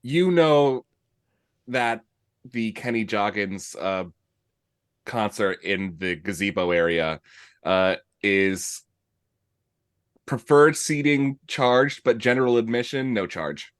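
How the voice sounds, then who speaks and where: A man narrating a tabletop game as game master in a relaxed, playful way. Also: on the low side, takes it slowly, pauses often, clear, resonant tone, no room sound, studio quality.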